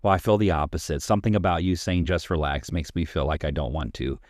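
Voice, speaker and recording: Deep-voiced man, reflective counselor. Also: fast, a little mellow, no room sound, clean studio sound. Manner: reflective, explains with examples, thinks aloud. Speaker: family counselor and co-host. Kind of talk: conversational podcast discussion.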